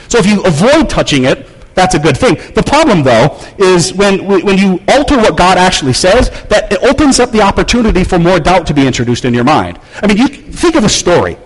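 An animated male pastor preaches in a conversational, emphatic way, his pitch leaping and falling with wry humor. His voice is slightly husky and fairly high for a man. A long reverb rolls through the large church hall behind him. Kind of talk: sermon.

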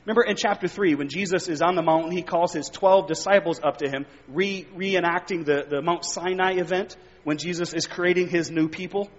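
A man delivers an expository sermon in a high, husky voice, reading scripture and driving his points home with emphatic rises. His voice rings with long reverb through a large hall. The recording itself sounds dull and muffled. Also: steady tone, brisk, hardly any pauses. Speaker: preacher.

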